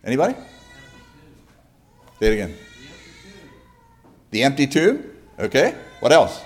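A man preaching a sermon in a conversational way, pausing often and asking the congregation questions. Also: mid-range voice, wildly swooping pitch, faint music behind. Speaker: pastor.

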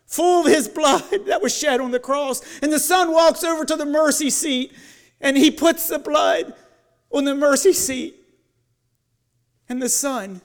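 Very high-voiced man preaching slowly. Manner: slow guided imagery, building then softening. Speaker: lay preacher. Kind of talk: evening sermon. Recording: long church hall reverb.

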